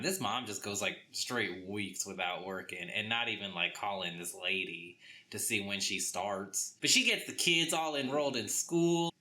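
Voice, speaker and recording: A young man with a Southern US accent ranting through a comic book review, exasperated and acting out characters in quick voices. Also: lowish voice, pushed and bright.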